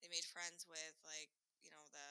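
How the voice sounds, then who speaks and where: A woman with a Minnesota accent, co-hosting a podcast and telling animated, foul-mouthed travel stories in casual chat. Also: low-pitched, normal speed, smooth, no room sound. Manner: animated storyteller, acts out quoted voices, swears freely. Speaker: podcast co-host.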